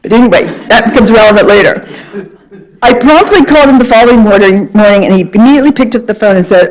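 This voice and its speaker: A woman in her fifties, a trial lawyer, tells a story to an audience in a lively, animated way. Her voice sits at an ordinary mid-range pitch, swinging up when she gets excited. It is a guest lecture told as a personal tale. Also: fast talker, poor audio.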